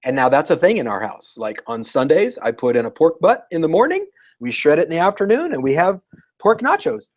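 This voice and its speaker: A man talking as a guest educator in a casual interview, telling lively stories and acting out what people said. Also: on the high side, brisk, lo-fi sound. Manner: animated storyteller, acts out quotes.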